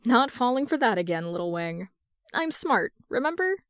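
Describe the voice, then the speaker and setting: A woman's voice: on the high side, very animated, moderate pace, no echo, clean studio sound. A woman reading aloud as a cocky young man who teases his brother in a playful sing-song. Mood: teasing.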